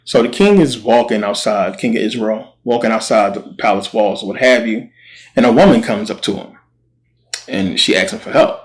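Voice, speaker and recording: Low-voiced man casually retelling Bible stories. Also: moderate pace. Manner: slangy, conversational, acts out quotes. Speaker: channel host.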